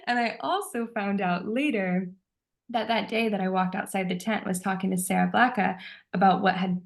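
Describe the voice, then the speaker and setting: A woman's voice: medium pitch, moderate pace, creaky. A woman telling a personal story in a casual, chatty way, with many filler words, frequent laughter and acted-out dialogue. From United States.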